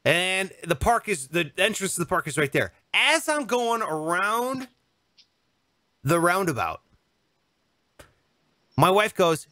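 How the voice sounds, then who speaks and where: A man's voice: high voice, big pitch swings, slow pace, long pauses, bright, forceful tone, no echo, studio quality. A man in his thirties co-hosting a podcast, telling a comic anecdote in casual chat and acting out the voices of the people in it. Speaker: podcast co-host.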